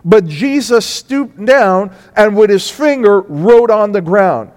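A man preaching a sermon in a large hall, his voice ringing with long reverb. He speaks slowly and deliberately in a high register, hammering points home through repetition. He swings between hushed lines and loud, emphatic peaks. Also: animated. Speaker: pastor. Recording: echoey hall.

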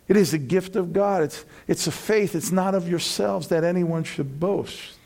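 A high-pitched, creaky male voice delivers a sermon at normal speed. The pastor preaches in an animated way, imitating friends' voices and rising to loud peaks.

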